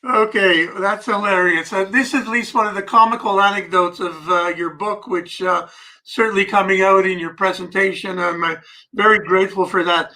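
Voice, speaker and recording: A male interviewer asks long questions, pausing often on fillers. His voice is high and bright. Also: fairly even intonation. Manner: hesitant, many fillers. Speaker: interviewer, host.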